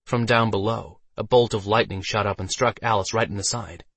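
Husky, low-voiced male audiobook narrator. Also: a little fast, dry recording. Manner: steady storytelling delivery.

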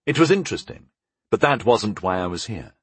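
A man's voice: on the low side, very animated, brisk, slightly rough, no echo. A man voicing a young, mischievous and smug male enchanter in an audiobook, with a knowing, playful delivery. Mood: eager. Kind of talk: audiobook character voice.

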